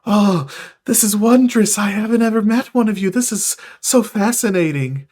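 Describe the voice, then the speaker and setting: A man's voice: mid-range voice, steady tone, measured pace, close to an everyday voice. Man voicing a stammering, timid winged celestial. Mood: excited. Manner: stammering, jittery and skittish. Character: timid, nervous male celestial with wings.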